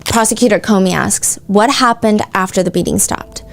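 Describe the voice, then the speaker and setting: In a casual podcast style, a woman host narrates true-crime courtroom testimony, reading the questions and answers aloud and cutting in with chatty asides. Her voice is at an ordinary middle pitch with vocal fry, moving at a moderate pace over faint background music.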